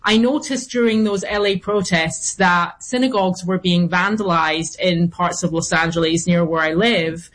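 A woman's voice: lowish voice, normal speed, few pauses, a bit bright. Earnest woman guest, talking at length. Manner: earnest, with frequent restarts and fillers. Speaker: guest commentator. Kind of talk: interview.

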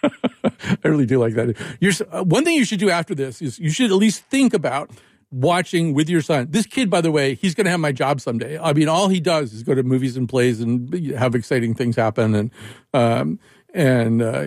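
A man's voice: mid-range voice, animated, moderate pace, darkish tone, no echo, studio quality. A man hosting a radio talk show, rambling and joking, with frequent restarts. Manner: rambling, self-interrupting, jokey. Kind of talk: casual radio chat.

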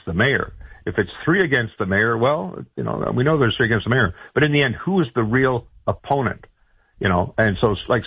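A man's voice: on the low side, breathy edge, no room sound, dull audio. A man giving political advice in a radio interview, talking loosely with many fillers and restarts. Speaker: political strategist guest.

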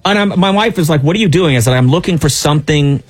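A man with a husky, slightly rough voice tells a heated personal story on a talk show. He sounds exasperated and keeps restarting his sentences. Faint music plays underneath. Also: on the high side, expressive, fast. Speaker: radio show host. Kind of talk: casual storytelling chat.

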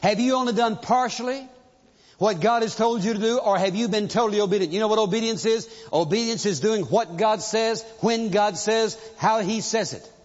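High-voiced preacher in a reverberant hall. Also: male voice, normal speed. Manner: emphatic storytelling preacher, rhetorical questions. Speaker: pastor. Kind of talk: sermon. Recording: dull lo-fi recording, long hall reverb.

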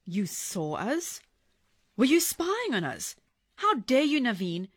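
A woman's voice: a little high, huge pitch swings, slow, slightly rough, dry recording, heavily acted. An actress playing a fed-up ex-wife who stands up to her abusive former husband, defiant and cutting.

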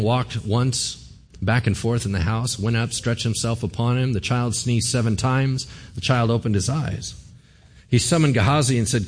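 A man, a pastor, giving a sermon in a conversational, joking way, often asking the congregation questions. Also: medium pitch.

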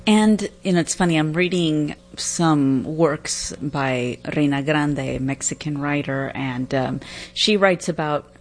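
A woman interviewer reflecting on a guest's story in a relaxed, conversational way. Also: deep voice, takes it slowly.

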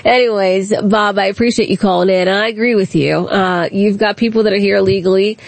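A woman's voice: mid-range voice, fairly even intonation, fairly quick, gravelly, no room sound. Chatty woman hosting a talk radio show. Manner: chatty, laughing, opinionated.

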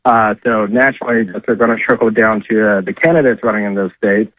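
A man's voice: fairly low pitch, a little fast, dry recording. Man on a tinny phone line. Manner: conversational, frequent "uh" and "I mean". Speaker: political correspondent. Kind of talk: call-in political commentary.

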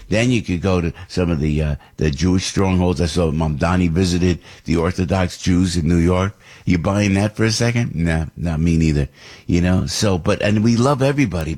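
A man hosting a radio talk show, rambling and animated, often asking rhetorical questions. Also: low voice, husky. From New Jersey. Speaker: radio host.

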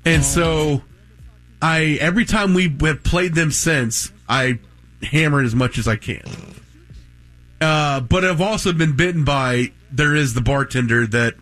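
A man in his thirties spins a lively anecdote on a talk show, his voice a little higher than most men's. He jumps into the voices of the people in his story. Soft music hums beneath the talk. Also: unhurried. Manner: animated anecdote teller who acts out quotes. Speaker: radio show co-host. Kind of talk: casual storytelling chat.

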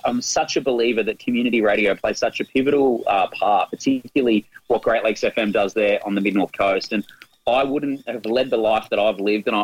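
Eager Australian man with a low voice. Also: rough recording. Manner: eager, many restarts and repeated words. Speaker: radio presenter, guest. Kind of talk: reminiscing radio interview.

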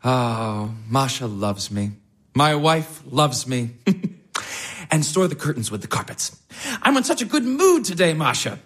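A jolly, fussy schoolteacher husband, chattering along in a husky voice that bounces up and down. His lines are full of little laughs and he is always pleased with himself. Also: medium pitch, sing-song, a little slow, fairly bright tone. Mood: cheerful. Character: jovial fussy middle-aged schoolteacher husband. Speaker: teacher. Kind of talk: stage drama acting.

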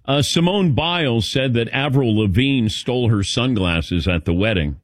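A man hosting a sports talk show, telling stories in a lively, animated way and calling on his co-hosts by name. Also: medium pitch, normal speed, noisy background. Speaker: radio show host. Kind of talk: casual sports talk chat.

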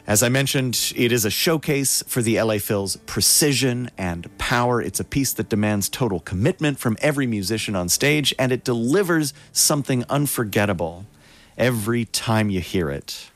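Measured male radio music host. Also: mid-range voice, lively intonation. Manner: measured storytelling with dramatic pauses. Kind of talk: scripted radio narration.

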